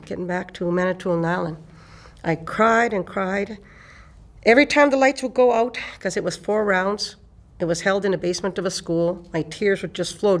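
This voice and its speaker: Older woman telling a story, unhurried. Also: medium pitch. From eastern Canada. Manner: unhurried, repeats phrases for emphasis. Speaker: elder storyteller. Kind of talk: personal storytelling.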